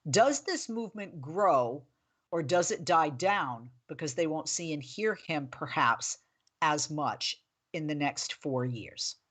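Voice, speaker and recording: A woman's voice: low voice, slow. Chatty woman hosting a talk show. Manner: chatty, animated storytelling with laughs. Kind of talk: political talk show chat.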